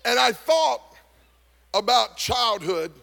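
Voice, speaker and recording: A male pastor delivering a sermon to a congregation, moving from folksy storytelling to fervent shouted preaching. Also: very high-pitched, slow pace, creaky. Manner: animated preaching that builds to shouting. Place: church service before a congregation.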